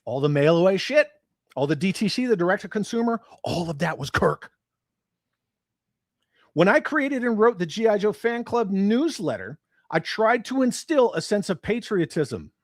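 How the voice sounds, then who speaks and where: Profane, animated ranting man. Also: high-pitched, normal speed, no room sound, clean studio sound. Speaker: livestream host. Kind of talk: ranting commentary livestream.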